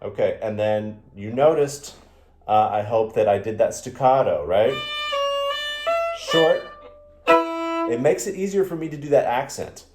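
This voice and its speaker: A man's voice: fairly low pitch, animated, moderate pace, mellow, faint music behind. A man teaching a violin lesson, patiently counting beats aloud in a sing-song way. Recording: echoey room with violin playing.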